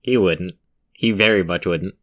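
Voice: sits low, a little slow. A player casually chatting during a tabletop game, dry in manner.

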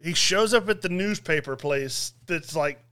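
A man's voice: a little high, moderate pace, pushed and bright. A man in casual podcast chat, rambling through a movie plot recap with fillers and laughs.

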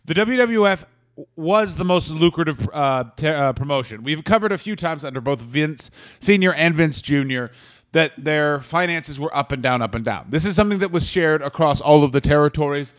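A man from Canada, a stand-up comic co-hosting a podcast in loose, profane chat. His voice sits a touch high, and he talks fast, riffing from one joke to the next. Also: expressive. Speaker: podcast co-host, stand-up comedian. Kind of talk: casual comedic chat.

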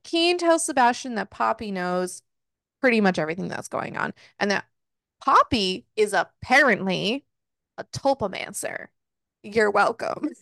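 A woman co-hosting a casual podcast, recapping a book in an exasperated, swearing, animated way and voicing the characters' lines. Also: mid-range voice, a little slow, vocal fry, no room sound, clean studio sound. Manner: swearing, exasperated, animated retelling with voiced quotes. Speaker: podcast co-host.

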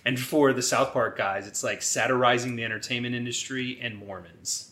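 A man's voice: medium pitch, steady tone, moderate pace, fairly bright tone. A man co-hosting a podcast in a casual chat, laid-back, swearing freely and often laughing as he talks. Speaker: podcast co-host.

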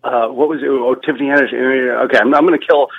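A young man, a comedian, telling stories in a deadpan, self-deprecating way in a casual podcast chat. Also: medium pitch, fast talker, vocal fry. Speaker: comedian guest. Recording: dull lo-fi sound.

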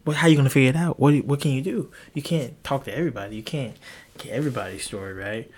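A young adult man hosts a podcast in a casual, rambling monologue, swearing freely, with his voice jumping high in disbelief. He talks fast in a darkish tone.

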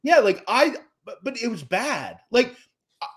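A man on a sports talk show rants with a profane, exasperated edge. His voice sits high and leaps all over the place. Casual and loose, never measured. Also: sing-song. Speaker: guest analyst.

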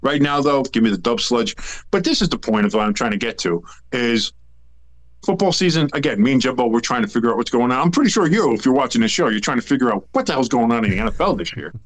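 Rambling, animated male sports podcaster. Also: mid-range voice, quick pace. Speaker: podcast co-host. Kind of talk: casual sports chat.

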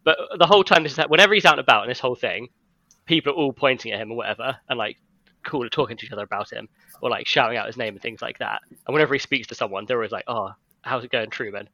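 Fast-talking man rambling through a story. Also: medium pitch, pushed and bright, no room sound, muffled recording. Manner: rambling storytelling, heavy use of "like". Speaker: friend retelling an imagined film plot. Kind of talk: casual chat among friends.

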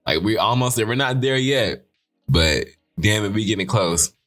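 A man hosting a casual commentary show, animated and sarcastic, swearing often. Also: faint music behind. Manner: animated, sarcastic, swearing, quick pitch swings. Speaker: show host.

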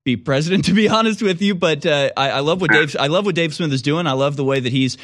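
A man's voice: on the high side, a bit bright, no echo, studio quality. A man hosting a call-in show, chatting with callers in a joking, rambling way full of restarts. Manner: joking, quick riffs, trails off into restarts. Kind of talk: casual call-in talk.

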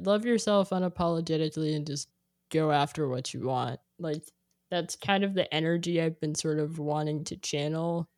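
Rambling young woman, slow and dry. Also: deep voice, no room sound. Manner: rambling, heavy use of "like", animated when quoting. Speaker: guest sharing a playlist. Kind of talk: casual chat.

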